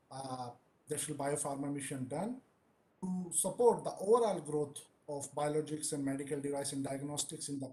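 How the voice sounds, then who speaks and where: A man giving a formal plenary talk over a video call, speaking deliberately. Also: fairly high pitch, a little mellow, echoey room, poor audio.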